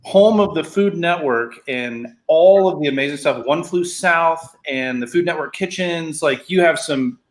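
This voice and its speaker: A man's voice: a little high, unhurried, few pauses, rough recording. Enthusiastic man on a video call. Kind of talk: casual live-stream chat.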